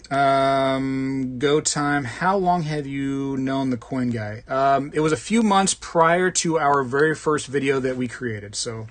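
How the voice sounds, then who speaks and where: A man's voice: medium pitch, slow pace. A man hosting a live stream, reading out viewer comments and answering them in a chatty, joking way. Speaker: host of a live coin collecting stream.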